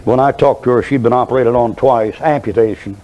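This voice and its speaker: An older man preaches a sermon in a folksy, storytelling way, drifting into asides as he goes. His voice is dark and mellow. It sounds like an old sermon recording. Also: medium pitch, a little fast, dull audio.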